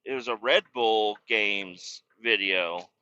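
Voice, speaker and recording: Sharp-voiced man rambling casually. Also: on the low side, slow, smooth. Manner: profane, storytelling, worked-up. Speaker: podcast host. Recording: dull lo-fi recording.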